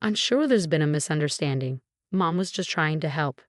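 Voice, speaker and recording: A woman reads a young husband who answers in an offhand, hesitant way. Her voice stays low and close. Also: lively intonation, moderate pace, no room sound.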